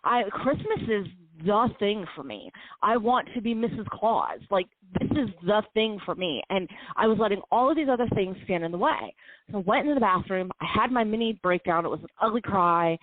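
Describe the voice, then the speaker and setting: An animated woman with a medium-pitched voice co-hosts a talk show and tells a candid, emotional story from her own life. Her heartfelt delivery jumps between quick bursts and slow stretches, and the recording is dry and tinny, like a phone line.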